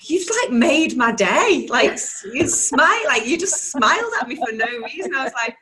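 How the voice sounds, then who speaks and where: A woman's voice: sits high, lively intonation, moderate pace, few pauses, pushed and bright. A woman with a Manchester accent hosting a podcast, chatting casually, laughing often and acting out the people she quotes. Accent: Mancunian. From northern England. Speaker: podcast host. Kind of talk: casual chat.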